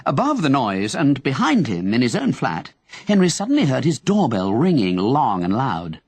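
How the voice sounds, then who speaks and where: A man reads an audiobook aloud, telling the story with plenty of expression. His voice sits in the middle range, a little rough, at a normal speed, and the recording carries no room sound.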